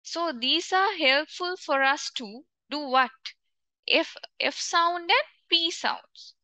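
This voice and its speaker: A woman's voice: sits high, sharp tone, dry recording. A woman from Sri Lanka with a Sri Lankan English accent, teaching an online English lesson and repeating word pairs aloud for pupils to practise. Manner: slow, repetitive teacher talk, drilling word pairs aloud.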